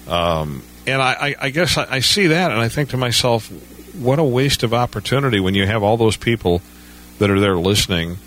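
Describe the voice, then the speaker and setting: A man's voice: medium pitch, lively intonation, fairly quick, fairly bright tone, slight background noise. A man speaking as a guest on a radio talk show, telling stories conversationally with stammered starts and frequent "you know".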